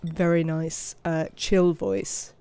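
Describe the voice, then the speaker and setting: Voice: medium pitch, level tone, slow pace, warm tone, clear, resonant tone. Chatty English live game streamer. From England. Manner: chatty, greets viewers and scolds game characters. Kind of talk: live video game commentary.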